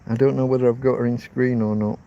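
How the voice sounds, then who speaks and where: A man's voice: mid-range voice, level tone, quick pace, vocal fry, far from the mic, muffled recording. An older man from England, livestreaming a casual, rambling chat outdoors under an umbrella and swearing casually. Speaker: livestreaming vlogger. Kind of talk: casual live-stream chat. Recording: loud background noise.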